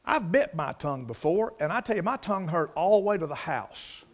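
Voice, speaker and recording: Preacher, male, high-pitched, homespun storytelling sermon with loud emphatic peaks. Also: very animated, brisk. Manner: folksy preaching with anecdotes and repetition; rises to emphatic, loud bursts.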